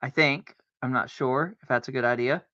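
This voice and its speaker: A man's voice: medium pitch, normal speed, sharp tone, dry recording. A man streaming a solitaire game, talking to himself in casual commentary and arguing with himself, with mock-scared outbursts. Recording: dull lo-fi dry sound.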